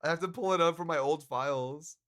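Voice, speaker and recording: A man with a slightly high voice chats loosely with his stream audience. He jokes, laughs a lot and swears without thinking about it. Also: brisk, a bit bright. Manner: joking, laughs often, swears casually. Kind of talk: casual livestream chat. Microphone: handcam stream mic.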